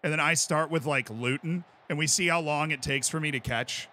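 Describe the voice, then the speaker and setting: Excitable young American streamer man. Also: on the high side, normal speed. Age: 20s. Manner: chatty, reads out chat, bursts into excited yells. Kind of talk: casual live-stream commentary while gaming.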